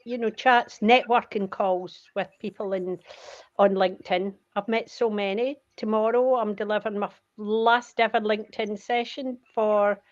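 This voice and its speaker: A woman's voice: medium pitch, fairly even intonation. An older Scottish woman, retired career coach, chatting and telling stories as a guest on a video call. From Scotland. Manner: chatty, storytelling, quick to laugh. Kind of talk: casual chat on a video call. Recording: muffled lo-fi video call audio.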